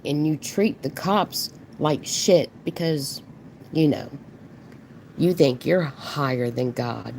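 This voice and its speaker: A woman's voice: low-pitched, vocal fry, warm tone, slight background noise. A woman hosting a live reaction stream, mocking and swearing back at a clip while greeting her chat. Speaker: commentary streamer host.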